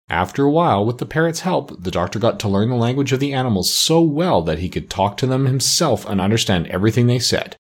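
Husky man reading a storybook. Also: medium pitch, sing-song, fast talker, few pauses. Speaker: audiobook reader. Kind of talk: storybook narration.

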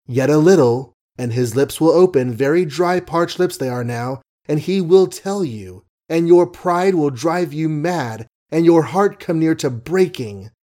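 A man reading a novel aloud as an audiobook narrator, measured, wry and ornate. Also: on the high side, lively intonation, warm tone.

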